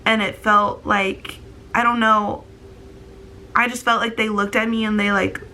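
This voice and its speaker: A woman's voice: medium pitch, flat delivery, measured pace, bright, forceful tone, a little hiss or hum. A young woman in her twenties telling a casual story to camera, rambling with lots of fillers and close to crying. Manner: filler-heavy, rambling, tearful. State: on the verge of tears. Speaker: vlogger.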